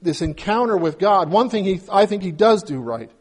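A man's voice: high-pitched, lively intonation, normal speed, darkish tone, husky. A man preaching a conversational sermon, retelling the story with humor and acting out the characters' pleas with rising emotion. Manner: conversational, acts out biblical voices with rising emotion. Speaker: pastor.

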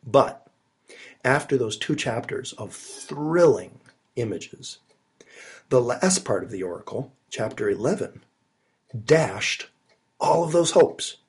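A man's voice: mid-range voice, animated, slow, long pauses, slightly rough. A man preaching a sermon, recorded alone in his study while he has a cold, earnest and emphatic with rising stresses. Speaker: pastor.

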